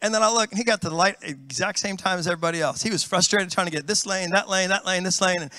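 A middle-aged man preaching a sermon as pastor, telling lively stories and calling out to his congregation. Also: sits high, fast, no echo. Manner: animated storytelling, calls out to the congregation. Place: church.

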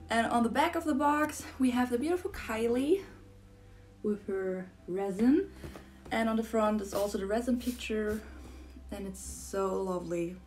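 A young woman from Germany, whose first language is German, gushing with breathless excitement as she unboxes a model horse for her vlog and repeats herself often. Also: fairly high pitch. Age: young adult. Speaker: model horse collector vlogger.

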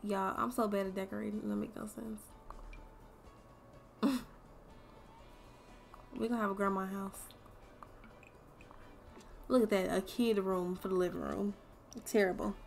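A young woman streaming a game, chatting casually to her viewers and swearing freely as she thinks out loud. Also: mid-range voice, steady tone, unhurried, vocal fry, long pauses, faint music behind. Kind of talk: casual gameplay commentary.

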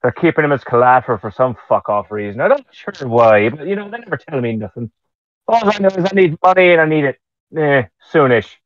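A man's voice: fairly high pitch, sing-song, fairly quick, dry recording. A man voicing a wry, blunt Irish vagabond in an Irish accent, talking offhand and swearing, on a slightly muffled mic.

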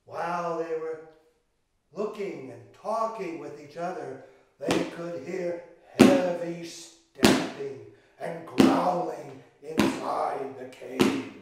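A man's voice: on the high side, slow, very noisy. Older man telling a children's story. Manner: dramatic, with gasps and sung chants, speaking directly to the listeners. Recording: echoey room, from far off the mic.

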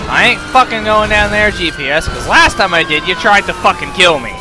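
A man's voice: animated, normal speed, few pauses. Foul-mouthed young man raging at a game. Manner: angry, profane ranting at the game; shouts and yelps in sudden high bursts. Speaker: gaming YouTuber. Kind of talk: let's play commentary. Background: game music and car engine sounds.

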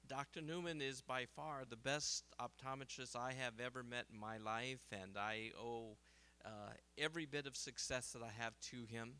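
A middle-aged man, an optometrist, speaking at a seminar in a lively storytelling way and laughing at his own jokes. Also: medium pitch, normal speed, clear, resonant tone. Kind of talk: seminar talk with anecdotes. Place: seminar hall.

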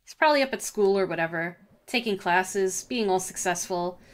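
A woman's voice: medium pitch, moderate pace, natural voice. A woman voicing an awkward, anxious young college dropout who talks in a nervous, self-deprecating way.

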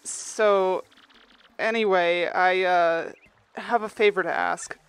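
A woman's voice: fairly low pitch, fairly even intonation, slow, smooth. A woman voicing a shy, nervous young male turtle in a video game, who stammers and apologizes as he talks.

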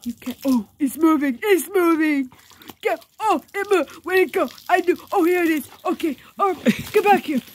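For a home video, a woman voices a playful, boastful pet dog battling water, using excited, stammering baby-talk. Her voice is very high and her pace moderate.

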